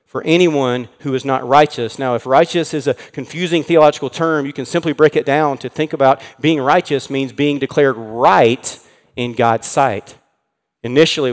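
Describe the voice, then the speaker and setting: A man preaching an earnest sermon in a church, slowing down to stress key words. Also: medium pitch, long reverb tail. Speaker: pastor.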